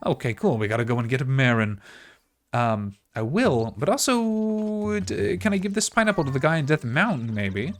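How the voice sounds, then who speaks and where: A man's voice: mid-range voice, very animated, moderate pace. A man from Canada chatting casually while he plays a video game, rambling with lots of fillers. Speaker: streamer playing a game. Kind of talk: casual gameplay commentary.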